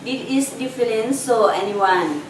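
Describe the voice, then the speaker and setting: A woman with a Lao accent playing a news anchor in a student weather report, speaking halting learner English. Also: a little high, lively intonation. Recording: echoey room, mic far off, noisy.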